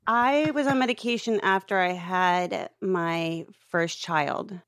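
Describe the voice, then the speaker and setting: Woman podcast guest, low-pitched, open and candid, dry close mic. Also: slow pace, fairly bright tone, no echo. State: out of breath. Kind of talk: casual interview chat.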